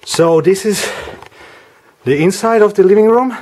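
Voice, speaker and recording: A man talking casually as he walks through a house, giving a vlog tour with a chatty, wry, deadpan humor. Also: sits high, a little slow. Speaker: vlogger house sitting.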